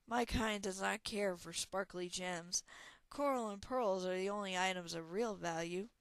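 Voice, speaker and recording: A woman's voice: mid-range voice, unhurried, smooth, dry recording, natural voice. A woman voicing a proud, homesick young female bronze dragon who talks in a haughty, indignant way.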